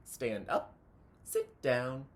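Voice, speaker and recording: A man reading a children's picture book aloud, chanting the counting cheers with animated delivery. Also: mid-range voice, drawn-out words.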